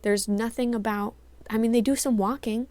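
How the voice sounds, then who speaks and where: A woman's voice: fairly high pitch, steady tone, normal speed, warm tone. A woman reviewing movies in a casual video commentary, chatty and full of filler words.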